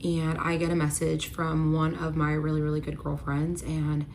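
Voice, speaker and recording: A young woman telling a personal story in a casual vlog, retelling it with lively quoted voices. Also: sits low, normal speed, a little hiss or hum. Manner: animated retelling, quoting both sides in voices. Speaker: storyteller vlogger.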